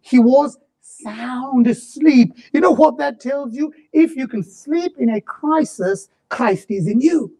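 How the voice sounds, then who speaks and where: A man preaching a sermon, swinging between fervent shouts and low, drawn-out murmurs.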